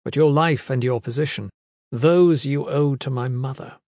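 A man's voice: medium pitch, moderate pace, a little mellow, no echo, natural voice. A man voicing a stern, commanding male ruler. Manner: commanding, pointed.

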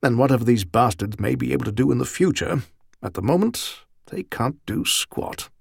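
A man's voice: medium pitch, expressive, moderate pace, creaky, breathy edge, no room sound, studio quality. A man voicing a battle-hardened male general muttering grim, vengeful thoughts in an audiobook. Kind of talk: audiobook character reading.

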